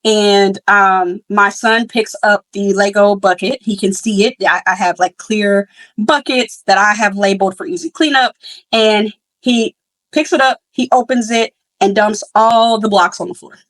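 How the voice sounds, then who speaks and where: A young woman in casual conversation, full of fillers and quick restarts as she reflects openly. Her voice sits in a middle register and comes across dry and close, with no room sound around it. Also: mid-range voice, fairly even intonation, fairly bright tone, no echo, rough recording. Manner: chatty, many fillers and restarts; candid and reflective. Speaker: podcast host. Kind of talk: casual storytelling.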